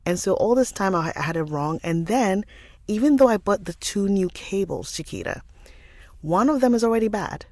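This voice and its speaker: Her mid-range voice moves at normal speed with lively intonation and a slightly mellow quality, captured dry. This livestream host, who also narrates audiobooks and isn't a native American English speaker, chats casually and welcomes viewers by name through a studio side-address microphone.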